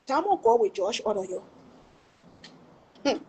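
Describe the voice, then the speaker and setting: A woman's voice: on the high side, big pitch swings, unhurried, dark tone, breathy edge. A middle-aged woman with a Liberian English accent, telling a painful family story in an emphatic, pleading way and swearing before God that it is true. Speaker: livestream storyteller. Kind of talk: emotional personal testimony.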